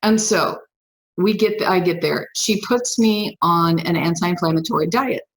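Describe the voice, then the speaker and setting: A woman guest on a podcast, telling her own story in an emphatic, animated way and acting out the dialogue. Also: fairly low pitch, unhurried, rough recording. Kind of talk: personal storytelling.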